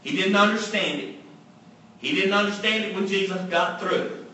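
A man's voice: high-pitched, moderate pace, bright, forceful tone. A man preaching a sermon in an earnest, emphatic way, repeating his key phrases for weight. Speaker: pastor. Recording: echoey room, from far off, faint background hum.

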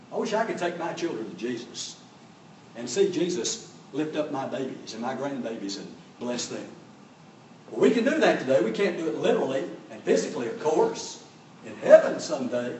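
A man's voice: medium pitch, sing-song, brisk, a little mellow, echoey room, far from the mic, slight background noise, rough recording. An older man preaching a sermon with fervour, swelling and dropping his voice for emphasis.

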